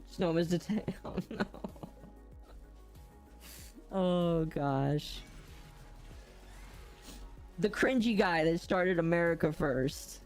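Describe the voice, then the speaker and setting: A woman's voice: fairly low pitch, takes it slowly, long pauses, a little mellow, soft background music. A woman hosting a game livestream, chatty and giggly, often exclaiming as she talks. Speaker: streamer host. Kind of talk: casual livestream chat.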